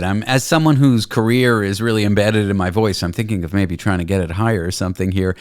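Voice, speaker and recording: A man's voice: on the low side, no echo, clean studio sound. A man hosting a radio interview, asking curious conversational questions. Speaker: radio host.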